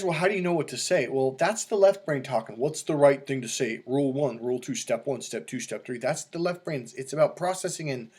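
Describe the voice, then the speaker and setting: A man's voice: mid-range voice, slightly rough. A middle-aged man coaching in a casual monologue, telling stories and acting out quoted voices with animation. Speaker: dating coach.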